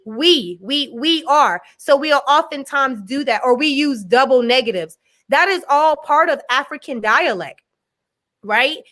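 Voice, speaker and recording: A woman's voice: high-pitched, a bit bright. A woman, a guest educator, explaining earnestly and laughing often in a live-stream discussion.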